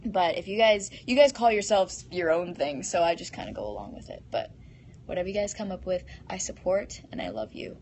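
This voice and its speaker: A woman's voice: lowish voice, lively intonation, brisk, a little mellow, a little hiss or hum. A teenage girl hosting a casual live stream, reading fan comments aloud and answering them in a bubbly, giggly way into a phone.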